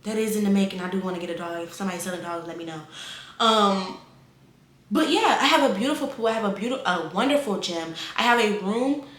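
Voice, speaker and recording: Animated young woman in an echoey room. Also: medium pitch, fast. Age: 20s. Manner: animated, repeats phrases for emphasis. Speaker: vlogger giving life advice. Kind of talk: casual advice chat.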